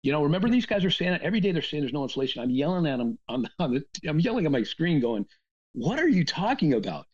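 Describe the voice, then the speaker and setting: A man talking in a casual, animated rant, with lots of restarts and asides. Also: on the high side, very fast, few pauses. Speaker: podcast guest. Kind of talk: casual ranting conversation. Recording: dull lo-fi sound.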